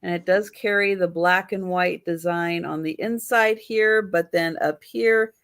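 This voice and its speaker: Female stream-sale host; slow, measured auction calls and item descriptions. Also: lowish voice, steady tone, a bit bright. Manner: slow, patient, explaining items. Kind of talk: live-stream auction chat.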